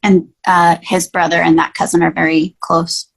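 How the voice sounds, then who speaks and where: Casting: woman sitter, low husky voice with vocal fry, hesitant. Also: flat delivery, moderate pace. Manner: hesitant, soft-spoken replies.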